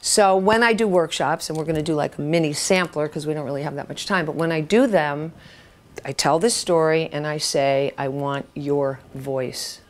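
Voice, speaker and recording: A woman's voice: sits low, brisk. A woman in her seventies, a writing teacher telling candid stories to an audience, swearing freely and acting out the voices of people in her stories. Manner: acts out quoted voices. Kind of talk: storytelling talk to an audience.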